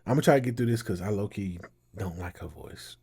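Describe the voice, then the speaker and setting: A man hosting a casual reaction show. His voice is husky and mellow, and his talk rambles loosely, like chat. He sounds relaxed and conversational. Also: fairly low pitch, fast. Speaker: commentary host.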